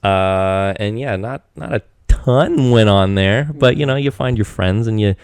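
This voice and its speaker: A man in his thirties from Eastern Washington, a podcast guest chatting casually in a rambling, animated way with lots of restarts. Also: on the low side, measured pace, clear, resonant tone, no room sound, studio quality. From Eastern Washington, USA. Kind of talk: casual chat.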